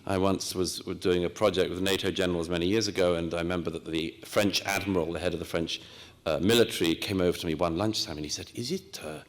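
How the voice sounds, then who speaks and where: British man lecturing in a reverberant hall. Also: low-pitched. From Britain. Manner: measured, lively storytelling with quoted asides. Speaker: speaker. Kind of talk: lecture talk.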